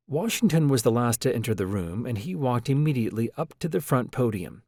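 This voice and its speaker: A man's voice: mid-range voice, a little mellow, no echo. Man narrating an audiobook, dry close sound. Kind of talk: scripted first-person audiobook narration.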